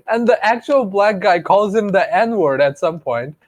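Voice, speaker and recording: A man's voice: high voice, dry recording, rough recording. A man co-hosting a podcast, rambling in casual chat, swearing freely and laughing often. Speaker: podcast co-host.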